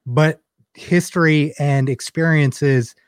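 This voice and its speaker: A man's voice: on the high side, fairly even intonation, takes it slowly, smooth, no room sound, clean studio sound. A man co-hosting a podcast, asking a probing interview question. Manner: probing, questions ending in "right?". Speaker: podcast co-host.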